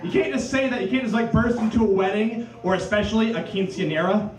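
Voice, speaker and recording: High-voiced man doing stand-up. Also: fast talker, crowd noise. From Cedar Valley, Iowa. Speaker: stand-up comedian. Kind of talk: stand-up set. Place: comedy club stage. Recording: echoey club from far off.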